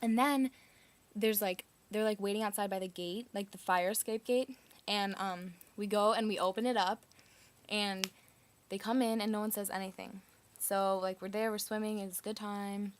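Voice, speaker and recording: A woman's voice: mid-range voice, fairly even intonation, normal speed. A woman casually telling a personal story, chatty and full of "like" fillers.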